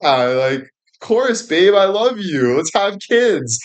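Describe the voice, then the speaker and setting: A man's voice: high-pitched, very animated, takes it slowly, pitched above the performer's own voice, exaggerated voice. A man voicing a lovestruck young woman who talks in a breezy, sing-song way. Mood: gushing.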